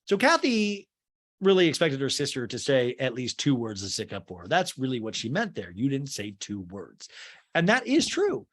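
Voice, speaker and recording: A man hosting a comedic TV recap podcast, animated and profane, acting out quotes. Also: medium pitch, normal speed. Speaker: podcast host.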